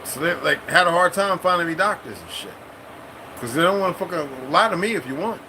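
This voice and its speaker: This middle-aged male military veteran rambles through a casual, profane, streetwise monologue, breaking into sudden high-pitched bursts. His delivery is brisk and sing-song, set against a noisy background.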